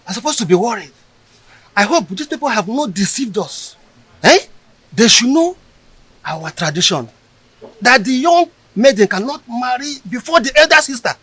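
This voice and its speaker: A man's voice: very high voice, sing-song, normal speed, long pauses, bright, forceful tone, slightly rough, dry recording, heavily acted. A fretful, anxious father. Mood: worried. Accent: Nigerian. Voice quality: fretful, repeating himself. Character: worried traditional father, anxious.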